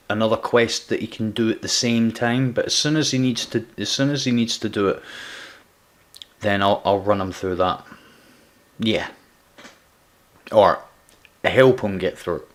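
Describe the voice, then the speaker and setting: Speaking into an external USB microphone at his home gaming desk, a livestreamer with a lowish, somewhat bright voice plays a game. He chats loosely with viewers, calling them by name and restarting his sentences a lot.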